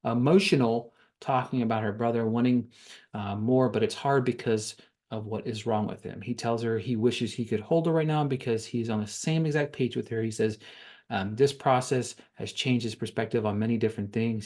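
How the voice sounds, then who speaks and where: A man's voice: medium pitch, darkish tone. A man hosts a podcast and recaps a reality show in a loose, chatty way. His voice sits in a middle register. He rambles, repeats himself, fills gaps with ums and curses now and then. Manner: rambling, repeats words, frequent ums and cursing. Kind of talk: casual spoken recap.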